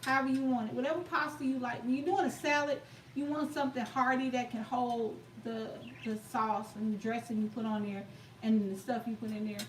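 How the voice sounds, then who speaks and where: A woman's voice: a little high, fairly even intonation, a little fast. A woman hosting a cooking live stream, talking outdoors in a chatty, emphatic, folksy way. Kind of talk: casual live-stream chat. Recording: echoey, distant mic, faint outdoor noise.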